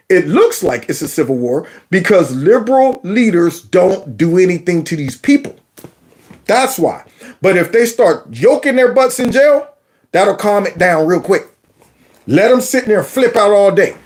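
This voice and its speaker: A man's voice: high voice, very animated, a little slow, darkish tone. A man hosting a political commentary vlog, folksy and storytelling, who keeps calling his audience y'all. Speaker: host.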